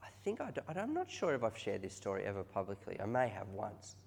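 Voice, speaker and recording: A man preaching a conversational sermon that rises into loud, excited peaks. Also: fairly low pitch, fast talker, creaky, slightly rough. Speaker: pastor.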